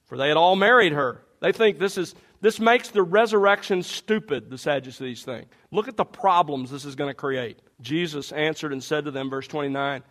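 A man preaching a sermon, walking listeners through passages and speaking to the congregation directly. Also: fairly high pitch. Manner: animated expository preaching, addressing the congregation directly.

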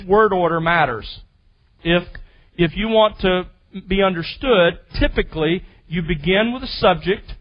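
A man preaching a teaching sermon, emphatic and teacherly, slowing down to stress key phrases. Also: sits high, lo-fi sound. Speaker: pastor. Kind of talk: expository sermon.

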